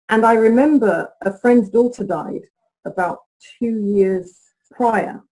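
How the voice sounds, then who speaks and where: A woman relationship coach as an interview guest, speaking in an animated way with laughs while she tells stories. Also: fairly high pitch, measured pace, breathy edge, low-quality recording. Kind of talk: interview conversation.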